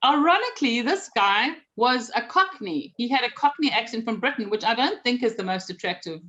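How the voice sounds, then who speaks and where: A woman's voice: fairly high pitch, lively intonation, fairly quick, bright, forceful tone. A woman with a South African accent, a guest telling self-deprecating stories in a casual interview and laughing as she goes. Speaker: guest, magazine publisher.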